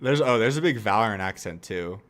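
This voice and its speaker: A young man talks to his stream in loose, reactive commentary. His pitch swings widely as he jokes, laughs and swears through mocking impressions. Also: lively intonation, a little fast, fairly bright tone.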